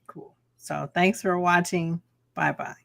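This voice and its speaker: A woman's voice: on the low side, sing-song, takes it slowly, creaky, background noise. A woman from Atlanta with a Southern Georgia accent, co-hosting a podcast in laid-back casual chat and laughing often. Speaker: podcast co-host.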